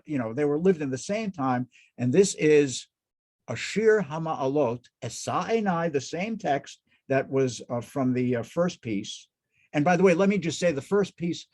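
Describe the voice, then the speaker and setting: A man's voice: a little high, a little mellow. A man lecturing as a cantor in an informal talk, enthusiastic and often restarting his sentences. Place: synagogue hall.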